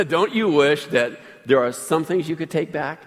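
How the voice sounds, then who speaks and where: A man's voice: on the high side, lively intonation, unhurried, long reverb tail. A man preaching a sermon as pastor, telling a personal story in a chatty way and asking the congregation questions.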